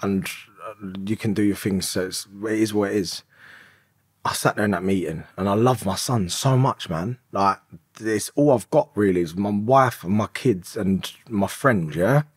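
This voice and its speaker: A man's voice: lowish voice, moderate pace, breathy edge, no echo, studio quality. A man in his thirties, a podcast guest, telling his story in an emotional, rambling way and swearing often. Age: 30s. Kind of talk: candid confessional storytelling.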